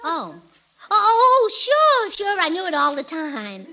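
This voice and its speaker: Actress for a scatterbrained comic wife, 1940s radio; high, lively, bubbly. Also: female voice, takes it slowly, exaggerated voice. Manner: bubbly, giggly, earnestly illogical. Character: scatterbrained, cheerful young wife. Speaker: comedian in a radio sitcom. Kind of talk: 1940s radio comedy acting. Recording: old 1940s radio broadcast.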